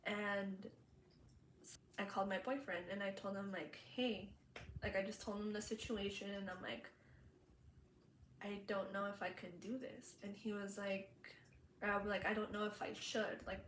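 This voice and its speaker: A woman's voice: mid-range voice, steady tone, moderate pace. Emotional, chatty young woman vlogging. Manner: emotional, tearful laughter, chatty with many "like" fillers. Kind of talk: personal storytelling vlog. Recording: roomy echo, faint background hum.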